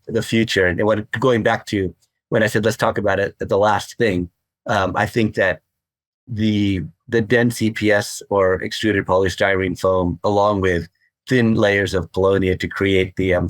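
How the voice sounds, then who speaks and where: A man's voice: sits low, no echo. An older man, a surfboard craftsman, talking as a guest in a podcast interview, enthusiastic and rambling, often repeating words.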